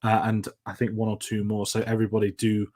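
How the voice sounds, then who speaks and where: A man's voice: fairly low pitch, completely flat delivery, fast talker, darkish tone. A man hosting a film review show, chatting casually and running through upcoming content. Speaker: film review podcast host. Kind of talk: casual chat.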